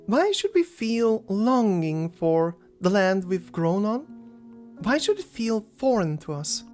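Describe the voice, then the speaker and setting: Guy putting on a shy young woman, voice pushed up high, swoopy and slow. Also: sing-song, a little mellow, soft background music, heavily acted. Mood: wistful.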